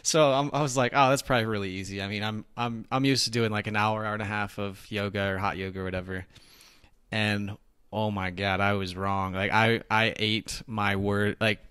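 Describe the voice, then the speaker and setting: A man hosting a podcast, telling stories in a relaxed, rambling way during casual chat. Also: on the low side, normal speed, clean tone, no room sound. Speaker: podcast host.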